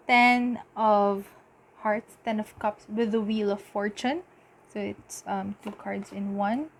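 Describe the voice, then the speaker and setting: A woman giving a casual tarot reading, talking in halting bursts with lots of fillers and giddy laughter. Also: mid-range voice, fairly even intonation, slight background noise. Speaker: tarot reader.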